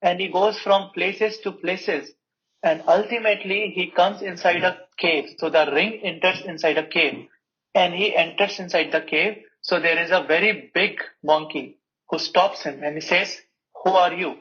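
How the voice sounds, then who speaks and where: A man teaching a scripture class, telling a story with lively voiced quotes. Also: sits high, moderate pace. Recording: muffled lo-fi recording.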